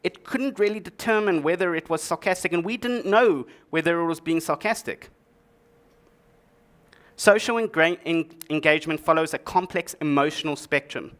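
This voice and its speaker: A man's voice: on the high side, normal speed, a bit bright. A man giving a tech conference talk to an audience, with a dry, joking delivery full of sarcastic asides. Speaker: conference speaker. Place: conference stage before an audience.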